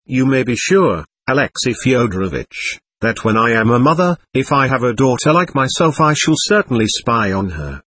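A man's voice: mid-range voice, sing-song, normal speed, hardly any pauses, a bit bright, slightly rough, no room sound. A man reading the part of a playful, teasing young woman who speaks eagerly and fervently.

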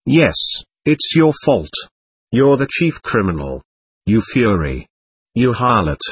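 A man voicing an angry police captain shouting threats. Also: mid-range voice, very animated, takes it slowly, slightly rough, dry recording, heavily acted. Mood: furious.

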